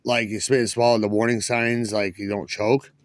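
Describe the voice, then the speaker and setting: A man's voice: on the low side, flat delivery, moderate pace, dry recording. A man rambling through a casual story, restarting sentences and swearing freely. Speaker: vlogger.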